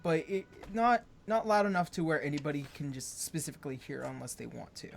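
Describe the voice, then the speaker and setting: Halting, filler-heavy game master narration. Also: mid-range voice, animated, gravelly, a little hiss or hum.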